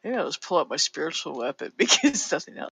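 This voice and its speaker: A woman playing a tabletop game, excitable and giggly. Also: low-pitched, fast talker, gravelly, slightly rough, no room sound. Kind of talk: casual game chat.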